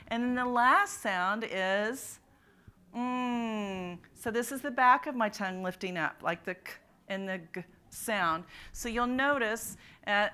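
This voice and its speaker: Bright, crisp woman giving a phonics workshop. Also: mid-range voice. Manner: demonstrates speech sounds and asks the audience to join in. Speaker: literacy presenter. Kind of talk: conference presentation. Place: conference room.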